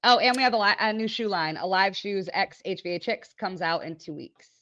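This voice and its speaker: A woman guest on a podcast telling stories in a casual, animated way, laughing often and acting out the people she quotes. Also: mid-range voice, brisk, dry recording. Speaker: podcast guest, business owner. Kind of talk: casual storytelling. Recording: dull lo-fi dry audio.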